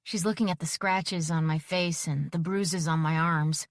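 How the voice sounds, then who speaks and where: Woman reading a story out loud, lowish voice, dry close sound. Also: a little slow, dry recording. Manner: expressive, voices each character. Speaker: audiobook narrator. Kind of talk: first-person audiobook narration.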